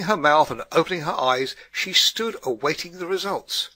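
A man giving a steady scripted audiobook narration. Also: fairly high pitch, moderate pace, dry recording. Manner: steady storytelling read.

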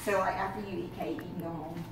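A woman's voice: fairly low pitch, little pitch movement, quick pace, a crowd in the background. A woman who organized the party, chatting and explaining the plan and hurrying people along. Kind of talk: casual party chat. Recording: very echoey room, distant from phone.

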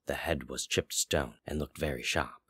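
A man narrating a fantasy story aloud in a slow, measured way. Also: a bass voice, fairly bright tone, husky, no echo, clean studio sound. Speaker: story reader. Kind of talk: audiobook narration.

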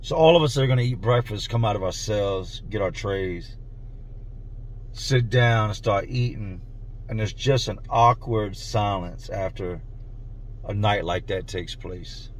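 A man telling a grim first-person story in a somber, intense way, often dropping to a hush, recorded indoors at home. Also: lowish voice, measured pace, slight background noise. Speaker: storyteller and channel host.

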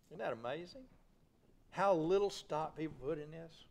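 A man's voice: fairly high pitch, moderate pace, vocal fry, a little mellow. A male pastor preaching a sermon in a folksy, plain-spoken way, asking the congregation rhetorical questions.

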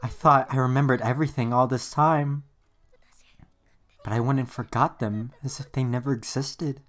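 A woman's voice: rumbling low, fairly even intonation, normal speed. Emilia, a hurt young half-elf girl. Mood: quiet troubled. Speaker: anime dub character. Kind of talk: anime dub acting.

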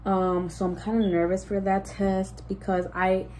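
A woman's voice: medium pitch, little pitch movement, unhurried, dark tone, a little hiss or hum, low-quality recording. A pregnant young woman chatting casually to her viewers, rambling with lots of "like" and restarts and slipping Spanish words in. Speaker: vlogger. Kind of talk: casual storytime chat.

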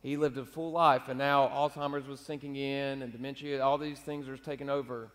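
A man's voice: mid-range voice, level tone, a little fast, a bit bright. A man preaching a sermon as pastor, telling stories conversationally and acting out his own back-and-forth with God. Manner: conversational storytelling, acts out dialogue with God. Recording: long reverb of a large hall.

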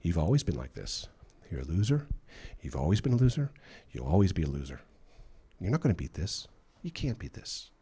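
Guy doing the devil's voice, low and sneery, putting you down. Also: very animated, a little fast, mellow, breathy edge, heavily acted. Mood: scornful. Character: taunting devil, male, condemning and scornful.

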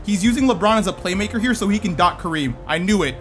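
Excitable high-voiced man calling gameplay. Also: fast, faint music behind. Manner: excitable, talks to himself and viewers, sudden shouts. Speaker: gaming YouTuber. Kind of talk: live gameplay commentary.

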